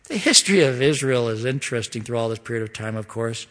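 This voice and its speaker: A man preaching an expository sermon as pastor, pleading and emphatic, rising to loud questions and dropping to hushed asides. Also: medium pitch, animated, fast talker, long reverb tail.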